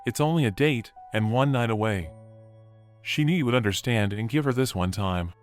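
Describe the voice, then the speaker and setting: A man voicing a tearful adult daughter who pleads apologetically with her father, speaking at an even middle pitch. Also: moderate pace, faint music behind, close to an everyday voice. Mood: pleading.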